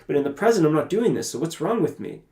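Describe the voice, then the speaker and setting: A man from Canada, a podcast guest, telling a personal story in an animated way and acting out his own past conversations. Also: a little high, fast talker. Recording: roomy echoey room.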